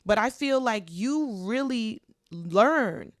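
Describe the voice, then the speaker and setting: A woman co-hosting a podcast in heartfelt, casual chat, talking expressively and getting loud when she preaches. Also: a little high, takes it slowly, dry recording, studio quality. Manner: expressive, preachy, animated swings in loudness. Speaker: podcast co-host.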